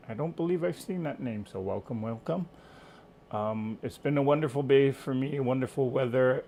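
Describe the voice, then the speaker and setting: Guy with a gravelly voice running a live stream from home, chatty, says hi to everyone, bit scatterbrained, faint hiss behind. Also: medium pitch, a little mellow. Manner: chatty, greets viewers by name, loses his train of thought. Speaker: quilting livestream host. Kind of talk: casual live-stream chat.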